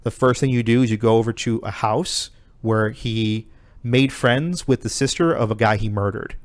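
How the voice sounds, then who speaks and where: A man's voice: mid-range voice, normal speed, no echo. A man co-hosting a podcast, casually retelling a video game story with lots of swearing and filler. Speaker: podcast co-host. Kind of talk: casual chat.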